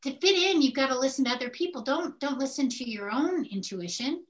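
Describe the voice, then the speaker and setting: An older woman with a somewhat high voice chats candidly on a podcast. She tells her stories with animation, slipping into the voices of the people in them as she goes. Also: brisk. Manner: animated storyteller who acts out quoted speech. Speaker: podcast co-host.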